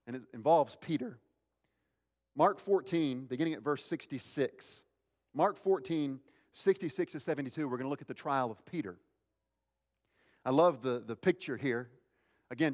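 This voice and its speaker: Man preaching in a reverberant hall. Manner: dramatic, acts out quoted lines with big swings in pitch. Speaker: pastor. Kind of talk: sermon.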